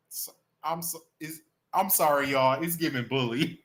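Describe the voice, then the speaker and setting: A man hosts a casual live stream, his voice sitting a little high for a man. He talks in a sassy, animated way, piling up phrases and teasing his viewers. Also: normal speed. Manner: animated, sassy, playful with rants and laughs. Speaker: livestream host. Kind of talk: casual celebrity gossip chat.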